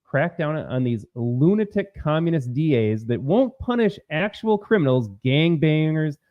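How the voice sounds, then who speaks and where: A man's voice: a little high, very animated, a little slow, dry recording, muffled recording. Emphatic male political commentator. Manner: emphatic, repeats points, addresses viewers as folks. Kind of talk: opinionated commentary monologue.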